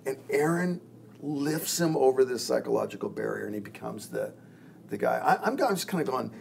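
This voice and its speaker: A man's voice: medium pitch, animated, fairly quick, gravelly, slight background noise. A man, a pastor, talking earnestly in a podcast discussion and acting out quoted lines as he tells a story.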